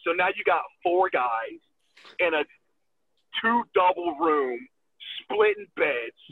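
A man telling a road story as a guest in casual talk, animated and profane, acting out quotes and laughing often, heard over a phone line. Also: high voice, takes it slowly, slightly rough. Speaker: wrestler guest. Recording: tinny phone-line sound.

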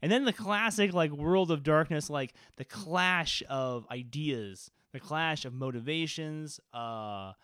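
A man's voice: on the high side, slow pace, few pauses, fairly bright tone, smooth, no echo, clean studio sound. A man who is a game master, recounting a tabletop session in casual podcast chat, rambling with lots of "like" fillers and swearing. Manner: rambling, profane, full of "like" fillers.

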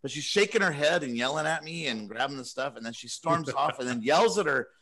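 A man's voice: fairly high pitch, expressive, brisk, pushed and bright. Rambling laughing podcast host, man. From California. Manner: rambling, self-deprecating, laughing often. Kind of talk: casual storytelling among friends.

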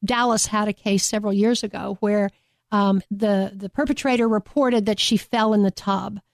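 A woman from a domestic violence agency speaks as a radio interview guest, her medium-pitched voice fairly even and at normal speed in a dry, clean studio recording. Earnest and passionate, she stresses and repeats her key phrases.

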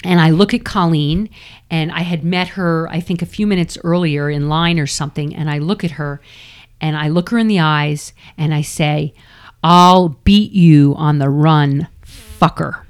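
A woman's voice: low voice, fairly even intonation, moderate pace, clear, resonant tone. A middle-aged woman from New York, a former triathlete, telling a candid, self-deprecating story as an interview guest.

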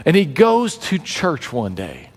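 A man preaching a sermon as a pastor, telling stories with lively, acted-out quotes. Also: a little high, takes it slowly, husky. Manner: animated storyteller acting out quoted voices. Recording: long hall reverb.

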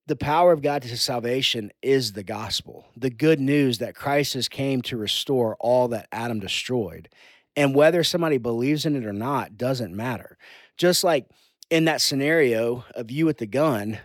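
A man's voice: medium pitch, moderate pace, no echo. A man, a youth pastor, talking in an earnest conversation that drifts into preaching. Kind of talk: casual conversation.

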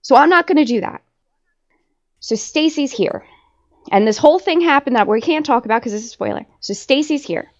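A woman's voice: high-pitched, animated, moderate pace, muffled recording. A woman co-hosting a podcast in casual chat, ranting heatedly with constant swearing. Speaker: podcast co-host.

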